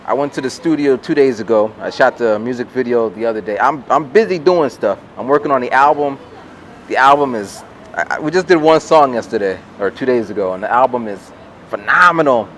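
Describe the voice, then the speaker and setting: A man in his forties tells a rambling story for his vlog, his pitch leaping around lively as he slips into quick impressions of other people. He's recorded outdoors in a city, with faint street noise underneath. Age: 40s. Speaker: vlogger and rapper.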